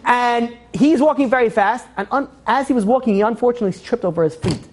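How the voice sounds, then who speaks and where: A woman telling a moral story in a lecture, animated and acting out the characters' lines. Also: on the high side, quick pace. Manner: animated, acts out quoted dialogue. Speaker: teacher of Torah.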